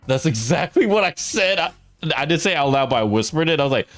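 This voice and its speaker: A man's voice: mid-range voice, animated, quick pace, faint music behind. A man telling a funny story to his stream while gaming, laughing often as he talks.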